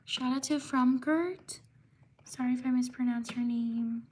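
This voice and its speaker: Woman streamer, high voice, unhurried delivery, reads chat names carefully. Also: fairly even intonation, a little mellow, a little hiss or hum. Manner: slow and careful reading names, apologizing quickly. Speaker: livestream host. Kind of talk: live stream shout-outs to viewers.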